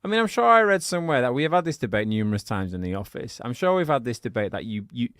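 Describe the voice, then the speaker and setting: A man's voice: mid-range voice, big pitch swings, quick pace, a bit bright, clean tone, dry recording, studio quality. Giggly, rambling man podcaster. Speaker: podcast co-host. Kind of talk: casual podcast banter.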